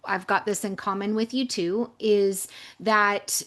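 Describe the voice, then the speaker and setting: A woman hosting a relaxed interview at a middle pitch. She asks long, thoughtful questions and answers her guest with warm little affirmations. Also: takes it slowly. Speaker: podcast host. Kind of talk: casual interview.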